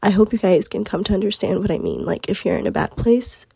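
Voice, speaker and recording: A young woman talks earnestly on her own podcast, her voice groggy and husky from being under the weather. The tone is dark and mellow, recorded dry and close with no room sound. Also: mid-range voice, big pitch swings, brisk, dry recording. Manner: earnest, chatty, lots of fillers. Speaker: podcast host. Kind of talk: casual solo podcast talk.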